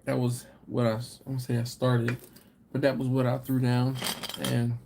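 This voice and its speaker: A man's voice: medium pitch, monotone, normal speed, vocal fry, noisy background. A man hosting a live stream, casually chatting and reading viewer comments with easygoing chuckles. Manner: laid-back, chuckling, chatty asides to viewers.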